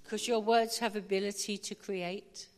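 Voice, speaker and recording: A woman's voice: medium pitch, fairly even intonation, a little slow, darkish tone. A woman preaching an informal sermon, chatty and humorous, with emphatic declarations. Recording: hall reverb.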